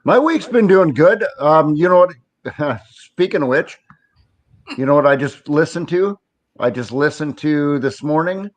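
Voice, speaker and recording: A man co-hosting a casual live stream chat, animated and quick to laugh. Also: fairly high pitch, no echo.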